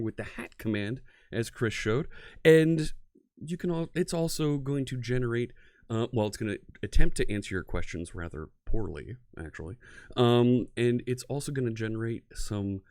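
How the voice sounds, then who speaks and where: Lively, chatty American stream host. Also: male voice, medium pitch, no room sound, clean studio sound. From United States, near Philadelphia. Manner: chatty, greets viewers, laughs easily. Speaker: live-coding stream host. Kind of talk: casual livestream chat.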